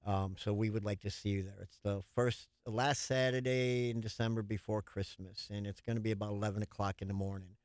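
A man's voice: fairly low pitch, steady tone, brisk, few pauses, a little mellow, dry recording, studio quality. A man speaking as a radio guest, plainly and earnestly promoting a community event.

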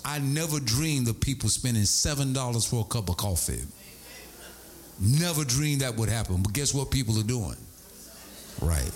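A middle-aged man preaching a sermon from the pulpit, telling stories in an animated way that swings between high and low. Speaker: pastor.

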